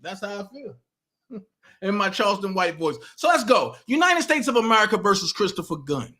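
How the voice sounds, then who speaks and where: A man hosting a casual commentary monologue, animated and taunting as he reads out legal papers. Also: high-pitched, moderate pace. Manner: animated, taunting, reading legal text aloud. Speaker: political commentary host.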